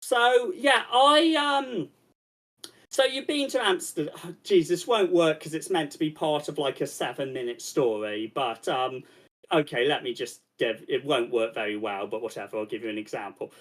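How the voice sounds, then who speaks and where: A man's voice: mid-range voice, normal speed, a bit bright. Rambling comedian man. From Britain. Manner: rambling storyteller, restarts often. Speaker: stand-up comedian, panelist. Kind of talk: casual panel chat.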